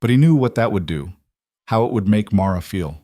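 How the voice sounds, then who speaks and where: A man reads a story aloud in a slow, measured way. His voice sits on the low side, and the recording is dry and close. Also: lively intonation, mellow, dry recording. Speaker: narrator. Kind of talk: scripted narration.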